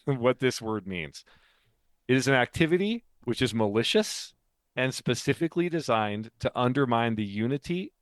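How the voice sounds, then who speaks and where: A man's voice: medium pitch, dry recording. A man co-hosting a faith podcast, explaining ideas in casual chat, talkative and laughing often. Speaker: podcast co-host and author.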